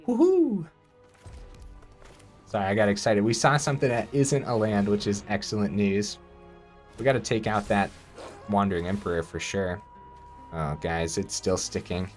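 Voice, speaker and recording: A man giving casual gameplay commentary, thinking aloud and breaking into excited outbursts. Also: lowish voice, moderate pace, faint music behind.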